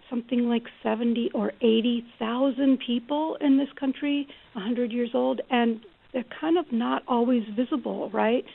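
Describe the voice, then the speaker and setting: A woman's voice: a little high, vocal fry. A woman author speaking as a guest in a call-in radio interview, telling stories in an earnest, reflective way over the phone. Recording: phone line.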